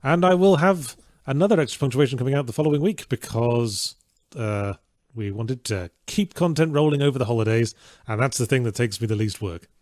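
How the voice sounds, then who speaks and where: Male co-host, mid pitch, dry wit, casual banter, dry close sound. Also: animated, a little fast, darkish tone, no room sound. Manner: dry, wry remarks. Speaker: stream co-host. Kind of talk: casual chat.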